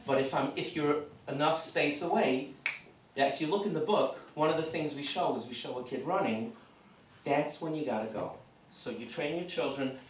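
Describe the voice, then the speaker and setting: A man giving an animated lecture to parents at a community seminar, acting out little scenes as he speaks. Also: a little high, normal speed, a little hiss or hum. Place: community hall. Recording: echoey hall, mic from far off.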